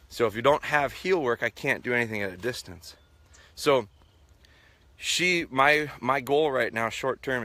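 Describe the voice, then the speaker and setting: A man's voice: medium pitch, sharp tone, no echo. Casual outdoor dog trainer man. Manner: casual, repeats himself, imitates whistle blasts. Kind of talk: live-streamed training talk, answering viewer questions. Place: outdoors with his dogs.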